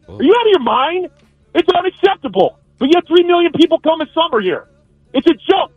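A man's voice: extremely high pitch, expressive, quick pace, no echo, faint music behind. A man calling into a radio show, ranting with indignation. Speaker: radio caller. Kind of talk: angry call-in rant. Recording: tinny phone line on radio.

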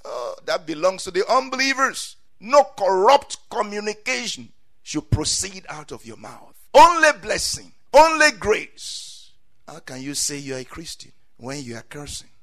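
A man preaching a sermon, swinging from quiet asides to loud cries and saying amen often. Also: high-pitched, expressive, normal speed.

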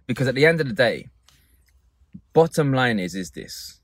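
A man's voice: mid-range voice, big pitch swings, moderate pace, long pauses, a bit bright, no echo. Emphatic man coaching his audience. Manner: emphatic, directive, repeats phrases. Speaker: public speaking coach. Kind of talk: motivational talk with guided exercise.

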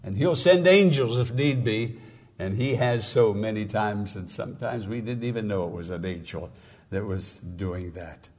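A man preaching a sermon as pastor, slow and emphatic, with sudden rises in pitch and volume. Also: darkish tone.

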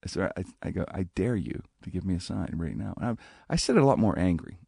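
Gravelly man telling a lively story. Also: fast talker, no echo. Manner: animated, acts out quoted speech with big pitch jumps. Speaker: guest telling a personal story. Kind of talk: casual spoken storytelling.

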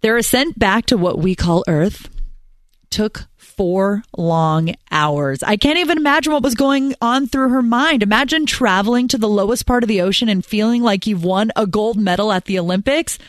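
A woman co-hosting a casual show, telling a news story with playful asides and animated storytelling. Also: mid-range voice, normal speed, no echo, clean studio sound. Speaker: co-host. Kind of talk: casual radio show banter.

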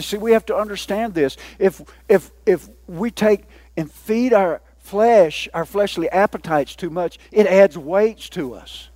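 A man preaching a sermon, teasing his listeners as he goes. His voice sits high for a man. The sound is dry and close, with no room echo. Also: darkish tone. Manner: folksy, joking with the congregation. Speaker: pastor.

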